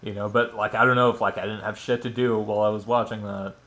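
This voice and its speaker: A man's voice: lowish voice, little pitch movement, quick pace, pushed and bright. A man giving a casual, rambling film review, full of fillers like "like" and "you know", with plenty of swearing. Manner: rambling, filler-heavy, profane. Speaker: movie reviewer.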